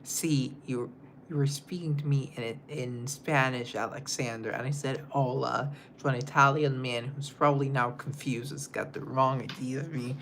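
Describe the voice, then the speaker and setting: A young man, a singer, casually chatting on a livestream and reading out viewer comments in a rambling way, drifting into soft asides. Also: medium pitch, fairly even intonation, normal speed, gravelly, a little hiss or hum.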